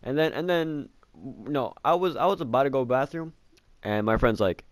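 A young male vlogger rambles through a casual storytime about his childhood, packed with filler words and swearing as he pokes fun at himself. His voice sits at a medium pitch and sounds animated, moving at a moderate pace in a recording with no echo.

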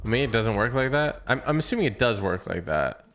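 Excitable young man commentating gameplay. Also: medium pitch, a little fast, slight background noise. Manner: excitable, slangy, reacts aloud. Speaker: gaming channel host.

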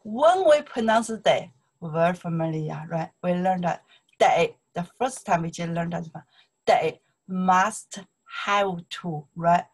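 A woman's voice: lowish voice, slow, slightly rough, rough recording. A woman with a Chinese accent teaching an online language lesson, repeating words and checking in with "okay?" and "right?". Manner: repetitive, drilling pronunciation and checking with "okay? right?".

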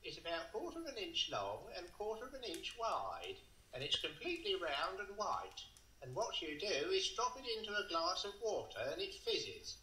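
A man playing a rambling, self-important crank who delivers a deadpan comic monologue in an earnest, droning way. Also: sits high, slight background noise, exaggerated voice. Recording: roomy archive recording with audience laughter.

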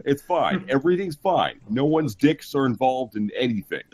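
A man co-hosting a comedic live podcast, sarcastic and mock-excited as he reads out a list. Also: medium pitch, normal speed, husky. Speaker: podcast co-host.

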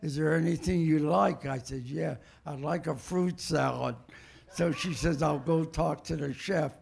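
An older male comedian reminiscing in an interview, telling anecdotes warmly with frequent repetition. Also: a little high, a little slow. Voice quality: gravelly. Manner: warm anecdotal storytelling, repeats himself.

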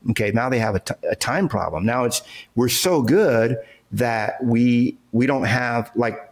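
An interview guest who is a real estate entrepreneur and coach talks in an expressive, unhurried, medium-pitched voice. His explanations are emphatic but conversational, built on everyday examples, with frequent "okay" and "right" checks.

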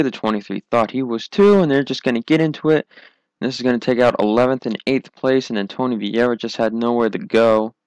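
A man's voice: medium pitch, clear, resonant tone, no room sound. A young man giving solo play-by-play commentary on a sim racing league, running through positions and replays. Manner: calls positions and replays, rising excitement at restarts.

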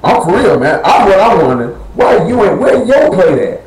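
Preacher, male, blunt and conversational, quizzes the congregation; slightly high voice. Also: very animated, moderate pace, echoey room, noisy background. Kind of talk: sermon. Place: church assembly hall.

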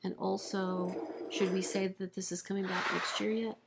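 A woman in casual on-camera chat, tired, playful and quick to giggle. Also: medium pitch, level tone, creaky, very noisy. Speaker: co-host of makeup channel collab.

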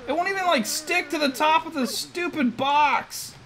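Frustrated high-voiced man playing a game. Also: normal speed, few pauses, fairly bright tone, poor audio. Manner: frustrated, groaning and muttering at the game. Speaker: let's play host. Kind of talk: gameplay commentary.

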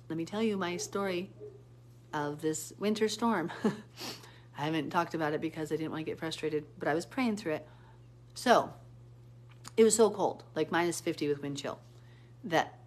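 A woman chatting casually on a live stream, answering comments and telling a rambling, animated story. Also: slight background noise. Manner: animated storytelling with sudden pitch jumps. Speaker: Bible teacher hosting a live stream.

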